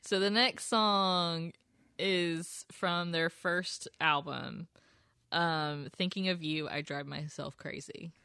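A woman's voice: on the low side, fairly even intonation, slow pace, creaky, pushed and bright, smooth, dry recording, clean studio sound. A woman co-hosting a casual podcast, laughing often as she presents song facts. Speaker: podcast co-host. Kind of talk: casual chat.

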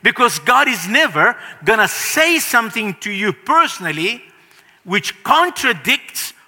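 A middle-aged man preaches to his congregation in a high, very bright and cutting voice. He is earnest and emphatic, repeating key phrases and slowing down to stress them. His voice trails off into the long reverb of a church hall. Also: very animated. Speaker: pastor. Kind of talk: sermon.

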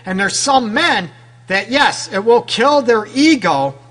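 A man's voice: high voice, animated, slow pace, a bit bright, a little hiss or hum. A man hosting a radio advice show as a relationship counselor, talking frankly and loosely to his listeners and firing off rhetorical questions.

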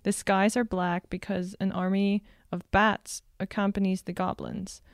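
A woman co-hosting a podcast, summarizing a book chapter in a steady, casual way. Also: medium pitch, unhurried, no echo, clean studio sound. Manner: steady summarizing, giggles at slips.

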